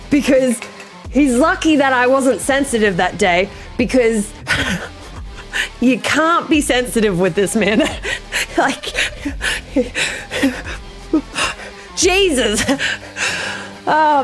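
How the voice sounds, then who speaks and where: An Australian woman streaming, chatting casually with her viewers, animated, swearing freely and laughing often. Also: fairly high pitch.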